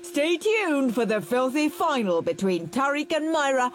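A woman's voice: high voice, big pitch swings, unhurried, slight background noise, voice pushed up. A woman voicing a brash male television presenter with a hyped, announcer-like delivery.

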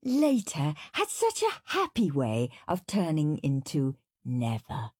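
Expressive woman reading a storybook. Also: low voice, slow pace, breathy edge, dry recording, clean studio sound. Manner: expressive, lively. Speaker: reader.

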